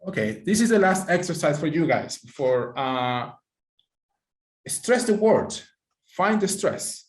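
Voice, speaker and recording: A man's voice: on the high side, big pitch swings, slow. A man teaching an online pronunciation class, encouraging students and praising them by name, with slightly non-native phrasing. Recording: echoey room.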